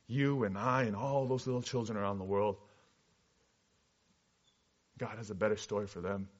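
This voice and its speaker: A man who works as a missionary, telling his story in a sermon with earnest storytelling that moves between animated and hushed passages. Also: lowish voice, normal speed. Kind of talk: sermon testimony. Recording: dull lo-fi recording.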